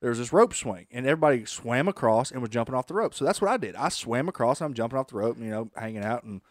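A man telling a crude story on a casual podcast, swearing freely and laughing at his own jokes. His voice sits at an ordinary middle pitch. It is recorded dry and close, with no room sound. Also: lively intonation, racing, no room sound. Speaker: podcast co-host. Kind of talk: casual chat.

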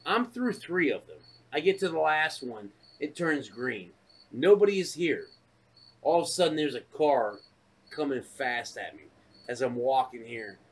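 Animated, profane man telling a story. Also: medium pitch, measured pace. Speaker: podcast co-host. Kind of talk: casual chat.

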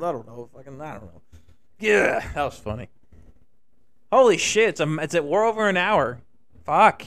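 A man's voice: fairly high pitch, lively intonation, moderate pace, pauses often, a bit bright. A young man co-hosting a podcast, joking loosely and swearing in casual banter. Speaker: podcast co-host.

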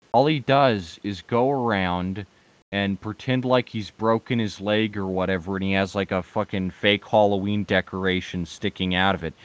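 A young man with a fairly low voice rants in a mock-serious comedic way, heavy on swearing and sarcasm. His opinions come out blunt and certain. The recording is dry and close, with no room sound. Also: dry recording.

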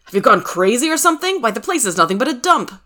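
A woman's voice: fairly high pitch, big pitch swings, fast talker, a bit bright, voice pushed up. A woman reading the part of an earnest, impatient wealthy man who talks insistently and urgently. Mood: scolding.

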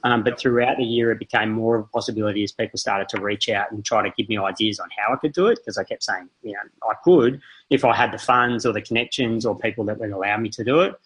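A middle-aged man, a marathon runner and podcast guest, telling travel stories animatedly and acting out quotes in high voices. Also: fast talker, few pauses, fairly bright tone, husky, rough recording. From Australia. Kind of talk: casual storytelling.

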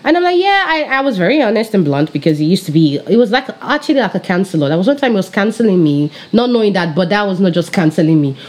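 A woman in her thirties from Nigeria, with a Nigerian accent touched by British influence, telling her faith story in a bubbly, animated way. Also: medium pitch, quick pace, few pauses. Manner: bubbly, animated, laughs often, speaks straight to viewers. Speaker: pastor. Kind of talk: personal faith testimony, casual storytelling.

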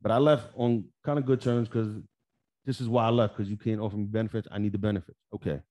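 The co-host's voice sits on the low side and he talks fast while spinning a casual tale about his job on the podcast. Animated and foul-mouthed, he swears freely and voices the back-and-forth himself.

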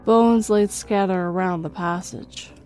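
A woman reading a horror story in a slow, measured storytelling way. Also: on the low side, steady tone, a little mellow, soft background music. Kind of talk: scripted horror narration.

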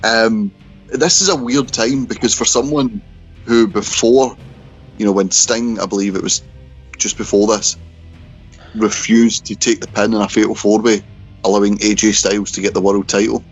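A man's voice: fairly low pitch, fairly even intonation, moderate pace, husky, soft background music. A man hosting a casual podcast chat, hesitant and full of ums and restarts. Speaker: podcast host. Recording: dull lo-fi podcast audio.

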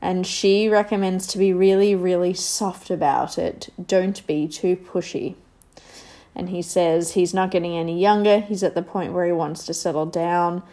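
A woman's voice: lowish voice, fairly even intonation, moderate pace, mellow. Sarcastic woman rambling through a recap. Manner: rambling and sarcastic, with many fillers. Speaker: reality show recapper. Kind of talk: casual recap chat.

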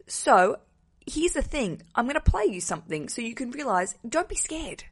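A woman hosting a wedding podcast alone from a hotel room, talking casually with a slightly rough morning voice and a cheeky, self-mocking, rambling manner. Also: a little high, very animated, normal speed, a little hiss or hum. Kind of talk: casual solo podcast monologue. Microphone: wearing headphones.

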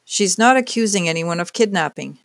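A storyteller puts on a smooth-talking man in an audiobook who seems caring. His delivery is soothing and gentle. The sound is dry and close. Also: mid-range voice, lively intonation, moderate pace, no room sound.

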